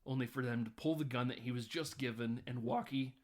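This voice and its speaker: Male podcast co-host, mid-pitch, loose rambling recap, lots of uhs and likes. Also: fairly quick. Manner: rambling recap with many fillers. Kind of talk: casual film discussion.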